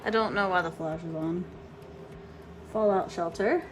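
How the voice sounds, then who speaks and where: A woman's voice: lowish voice, measured pace, a little hiss or hum, rough recording. A young woman chatting casually on a home vlog, swearing, laughing and ranting about her cat and her neighbors, filmed on a phone. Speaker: vlogger. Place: home, bathroom and office.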